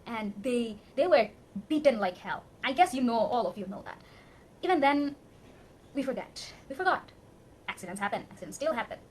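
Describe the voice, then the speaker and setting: A young woman with a Bangladeshi accent, English not her first language, pours out an emotional monologue. Her voice sits a little high, and she presses her points hard and pleads earnestly. A faint background noise runs beneath her. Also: expressive, normal speed. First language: Bengali. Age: young adult. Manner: impassioned, pleading, emphatic. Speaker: vlogger. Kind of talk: emotional rant to camera.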